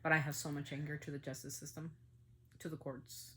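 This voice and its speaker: A middle-aged woman hosting a family podcast delivers emotional commentary in a low, level voice at a fairly quick pace, with a little hiss or hum in the audio. She sounds angry and emphatic, with outbursts that surge in loudness.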